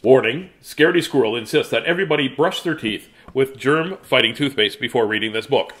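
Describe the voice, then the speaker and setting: A man's voice: medium pitch, fairly quick, a bit bright. A man from Canada telling a funny story and reading a children's book aloud in a playful, joking way.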